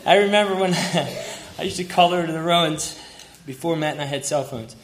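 A man's voice: fairly high pitch, a little fast. Man giving a fond memorial tribute. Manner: heartfelt, chuckling through fond stories. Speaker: family friend giving a tribute. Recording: roomy hall with faint ambience.

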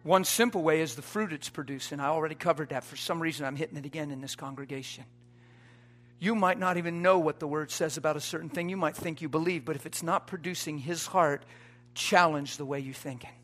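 A man preaching a sermon to a congregation, swinging from quiet asides to loud emphatic points, folksy and joking. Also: fairly high pitch, a little fast. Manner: folksy, joking, quotes everyday sayings.

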